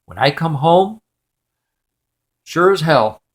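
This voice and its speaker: A man voicing a calm wife who speaks in a quiet, offhand, deadpan way. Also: fairly high pitch, slow pace.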